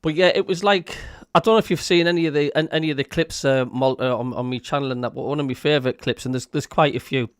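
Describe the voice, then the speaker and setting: A man's voice: mid-range voice, fast talker, hardly any pauses, clear, resonant tone, no room sound, studio quality. A man with a Sunderland accent hosting a casual podcast, telling stories animatedly. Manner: animated storytelling with laughter and quoted voices. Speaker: host.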